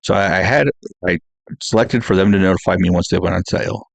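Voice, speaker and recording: A man's voice: low-pitched, quick pace, gravelly, dry recording. A man co-hosting a film podcast, laid-back, giving short replies and using lots of fillers. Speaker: podcast co-host. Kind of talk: casual chat.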